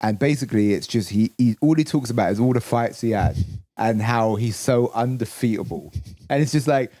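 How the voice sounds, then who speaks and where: Mellow-voiced man in loose banter. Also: mid-range voice, normal speed, no echo. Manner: loose, swearing, rambling banter. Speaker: podcast co-host. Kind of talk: casual comedy chat.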